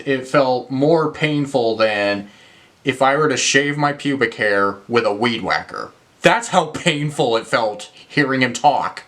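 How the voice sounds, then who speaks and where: A man's voice: mid-range voice, a bit bright. A young man reviewing films in a casual rant, exasperated, swearing and using lots of fillers. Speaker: movie reviewer.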